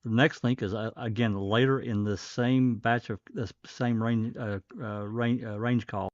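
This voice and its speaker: A man hosting a casual livestream, talking in a rambling, halting way with a faint Southern American accent. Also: mid-range voice, fairly even intonation, no echo. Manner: rambling, halting, many fillers. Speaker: livestream host. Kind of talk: casual commentary. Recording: dull dry lo-fi stream.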